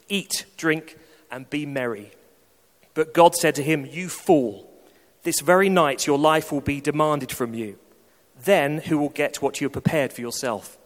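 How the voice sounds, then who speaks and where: A man giving a steady, plain Bible reading aloud to a congregation. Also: fairly high pitch. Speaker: scripture reader. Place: church. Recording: long church hall reverb.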